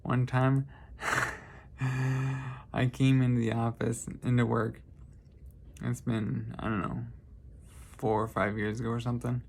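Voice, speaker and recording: A man's voice: mid-range voice, flat delivery, unhurried, gravelly, pauses often. A man vlogging, telling casual stories in a rambling, lighthearted way and often correcting himself. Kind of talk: casual storytelling monologue.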